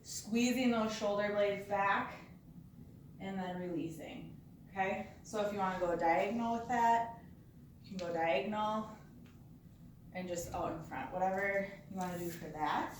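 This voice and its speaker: A workplace fitness instructor, a woman with a mid-range voice, walks coworkers through resistance band exercises at a measured pace. She keeps it casual and chatty, often asking "okay?" and sounding slightly out of breath. Her voice comes from far off in an echoey room, with a little hiss or hum.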